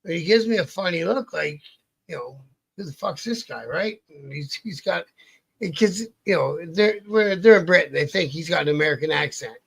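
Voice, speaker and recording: An outlaw biker from Canada, interviewed as a guest, speaks at a moderate pace in a slightly high voice that's gravelly, husky and fairly bright. His casual storytelling rambles and turns profane, with frequent restarts and self-interruptions.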